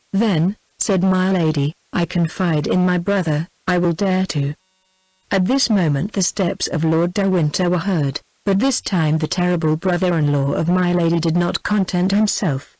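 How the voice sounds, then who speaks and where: British female TTS narrator for an audiobook, even and machine-like. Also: fairly low pitch, no room sound, poor audio. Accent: British English. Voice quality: even synthetic delivery, reads punctuation aloud. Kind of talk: text-to-speech audiobook narration.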